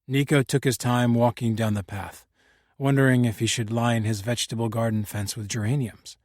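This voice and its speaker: A man narrating a mystery audiobook in a measured, even manner. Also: mid-range voice, dry recording, clean studio sound. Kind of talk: scripted narration.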